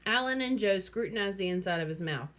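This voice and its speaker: A woman reading a children's novel aloud, lively and throwing in wry asides. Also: mid-range voice, fast talker. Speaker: reader.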